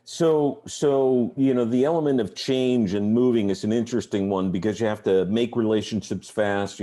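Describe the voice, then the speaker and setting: Low mellow guy hosting an interview, friendly questions, restarts a lot. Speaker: interview host. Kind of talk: conversational interview.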